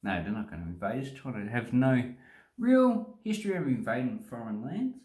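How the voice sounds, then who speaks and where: A man's voice: mid-range voice, big pitch swings, moderate pace, a little mellow. An Australian man vlogging casually into a phone, joking and wandering into asides while he explains. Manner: chatty, joking, rambling asides. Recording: echoey room on phone.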